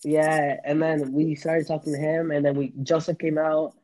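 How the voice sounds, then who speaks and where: A man's voice: a little high, flat delivery, moderate pace, mellow, rough recording. A young man hosting a casual podcast chat, rambling and laughing with many restarts. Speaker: podcast host.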